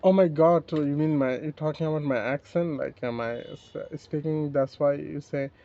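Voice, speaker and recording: A man with a Bangladeshi accent practicing English in a casual chat, speaking haltingly with broken grammar and restarts. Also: a little high, mellow, muffled recording. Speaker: English learner.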